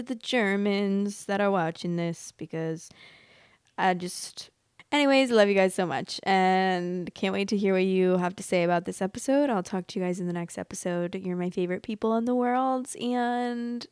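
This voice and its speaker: Chatty young American woman, smooth voice. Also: medium pitch, normal speed, no echo, studio quality. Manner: chatty, animated, exaggerated reactions. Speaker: host reading online stories. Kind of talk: casual storytime commentary.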